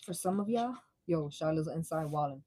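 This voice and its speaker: Young woman, tarot reader on a live stream; mellow, slangy, swears freely, dry close sound. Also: low-pitched, animated, normal speed, no echo, rough recording. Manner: blunt, profane, slangy and laughing. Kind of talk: casual live tarot reading.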